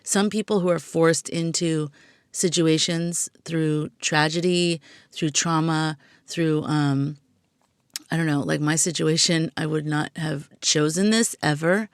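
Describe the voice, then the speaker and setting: A woman's voice: deep voice, fairly even intonation, slow, no room sound, clean studio sound. A woman hosting her own podcast, talking casually and reflectively with lots of "like" and "you know". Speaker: podcast host. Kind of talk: casual solo podcast talk.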